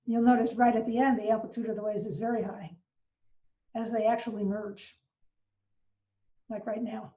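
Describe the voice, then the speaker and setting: A woman's voice: fairly high pitch, little pitch movement, normal speed, pauses often, warm tone. An older woman, an astronomy professor, giving an informal science lecture from her living room, explaining patiently with fillers and restarts. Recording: roomy, distant, dull home recording.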